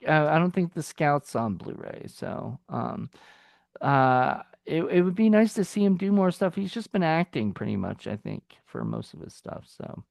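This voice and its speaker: A man's voice: a little high, wildly swooping pitch, normal speed, vocal fry, darkish tone, no echo. A man co-hosting a film review podcast in casual chat. He rambles loosely, with many fillers and restarts.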